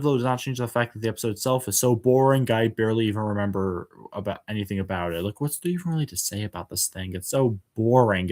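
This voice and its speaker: A man's voice: mid-range voice, a little mellow. A man hosting a casual spoken review, hesitant, with many filler words and restarts, and frank and exasperated in tone. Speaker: show reviewer.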